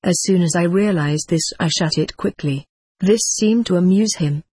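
A woman reading a first-person memoir aloud as an audiobook narrator, in a measured, descriptive way. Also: fairly low pitch, dark tone, husky, no echo.

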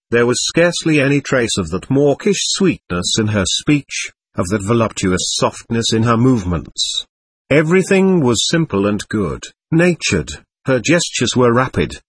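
A man reads a novel aloud as an audiobook, narrating from a script in a measured, expressive storytelling style. His voice is mid-range and slightly rough, with no room sound.

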